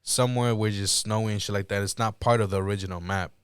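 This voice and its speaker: A man's voice: on the low side, steady tone, fast talker, smooth, dry recording, studio quality. A man co-hosting a podcast in casual chat, laid-back, trailing off into "like" and swearing freely. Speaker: podcast co-host.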